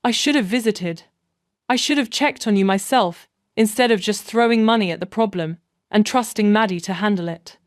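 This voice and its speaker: A woman's voice: medium pitch, moderate pace, no echo, lightly acted. A guilt-ridden grown son pleads his regrets, as a woman narrator reads his part. His lines come in a middle register from an audio story, dry and close with no room around the voice. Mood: remorseful. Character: remorseful wealthy grown son, man.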